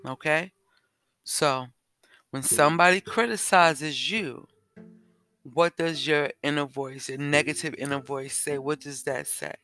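A man hosting a self-help podcast, talking slowly and repeating questions to the listener. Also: fairly high pitch, sharp tone, soft background music. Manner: slow, repetitive, asks the listener questions. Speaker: podcast host. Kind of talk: reflective self-help talk.

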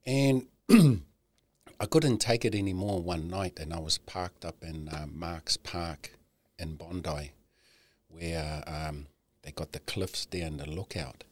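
A middle-aged man, a podcast guest, candidly telling a personal story, swearing often and halting with many "you know"s. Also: low voice, a little mellow.

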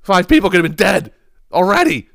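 A man's voice: sits high, sing-song, a little fast, gravelly, fairly bright tone, no echo, clean studio sound. Man telling a profane rambling story. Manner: profane, rambling, laughs while telling stories. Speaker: podcast host. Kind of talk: casual storytelling monologue.

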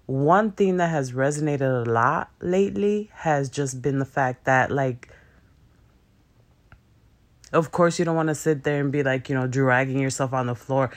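Young guy rambling about feelings to his viewers, loose slangy talk, lots of likes and cussing. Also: mid-range voice. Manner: loose, rambling, conversational with frequent fillers and profanity; speaks in slang with dropped verbs. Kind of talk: casual spiritual self-help talk to viewers.

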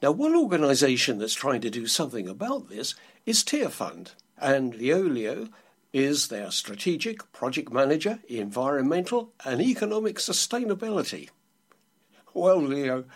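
A man's voice: a little high, sing-song, unhurried, husky. A man interviewing a guest on local radio, conversational and lightly wry.

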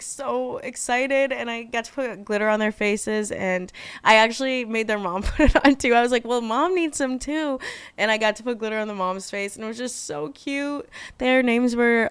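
A woman's voice: mid-range voice, smooth, no echo. A young woman hosting her own podcast, chatting casually and gushing, full of fillers and offhand swearing. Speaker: podcast host. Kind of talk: casual solo podcast chat.

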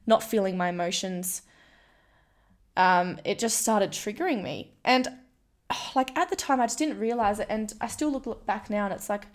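A woman's voice: medium pitch, moderate pace. A woman talks straight to the listener in a candid personal monologue. She is frank and self-deprecating. She often slips into quoting her own inner voice. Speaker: vlogger sharing a personal story.

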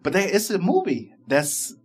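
A man hosting a morning radio show from his studio, loose and laughing as he talks. He often stops and restarts, and his voice sits a bit high. Its pitch moves up and down a lot. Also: huge pitch swings, normal speed, husky. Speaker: radio host. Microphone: studio microphone.

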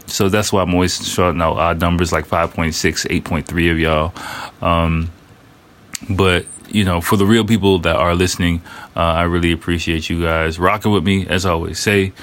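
Man in his thirties, very low voice, casual solo podcast, rambling with fillers and restarts. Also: fairly even intonation, moderate pace, fairly bright tone. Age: 30s. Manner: loose and rambling, many fillers and restarts, slang like "y'all". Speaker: podcast host.

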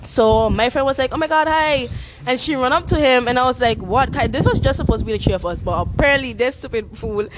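A young woman on a podcast tells a long story in relaxed chat. She is lively and acts out the people she quotes. A clear hiss and clicks sit under her voice. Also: on the high side, fast, few pauses. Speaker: podcast guest. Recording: noisy recording with clicks.

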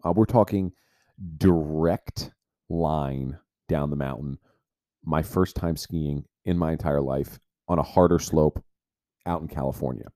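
A man's voice: a bass voice, unhurried, dark tone, no echo. A man hosting a podcast, telling a personal story in a rambling way, full of filler "like". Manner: rambling, heavy use of filler "like". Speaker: podcast host.

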